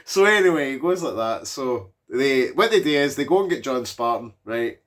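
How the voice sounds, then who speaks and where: A man's voice: medium pitch, expressive, moderate pace, fairly bright tone. Fortysomething guy rambling through a movie recap, lots of ums and swearing, average voice. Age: 40s. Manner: rambling, swearing, with frequent fillers. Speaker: movie reviewer. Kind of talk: casual rambling film recap.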